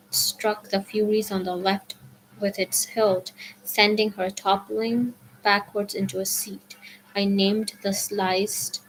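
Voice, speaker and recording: A woman reading a novel aloud as a storyteller, steady, with some passages dropped to a whisper. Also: medium pitch, slight background noise, rough recording. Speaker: audiobook reader.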